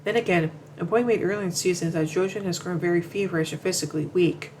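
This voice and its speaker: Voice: medium pitch, fast, darkish tone, a little hiss or hum, poor audio. A commentator reading a narration from notes, often stumbling, repeating words and restarting sentences. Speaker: show commentator.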